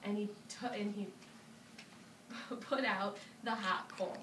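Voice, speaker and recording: A woman telling a folk tale to children, animated and inviting her listeners to join in. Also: mid-range voice, normal speed. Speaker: storyteller. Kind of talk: interactive storytelling for children. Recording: roomy, distant mic with ambient noise.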